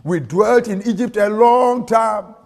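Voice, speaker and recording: A man's voice: high voice, slow pace. A man with a Ghanaian accent preaching a sermon in a church, slipping into a sing-song cadence and local-language phrases. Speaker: prophet and preacher. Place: large church hall. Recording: long hall reverb.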